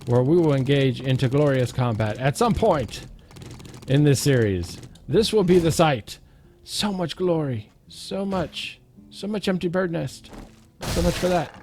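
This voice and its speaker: A man's voice: fairly high pitch, expressive, unhurried, a little mellow, slight background noise. A man giving casual, playful gameplay commentary, chanting counts and joking at his own expense. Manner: self-mocking, goofy asides.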